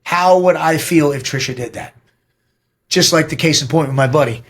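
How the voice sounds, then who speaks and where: A middle-aged man, a podcast guest, tells stories in a casual interview in a blunt, emphatic, profane way. His voice is a little high and slightly rough, at a normal speed.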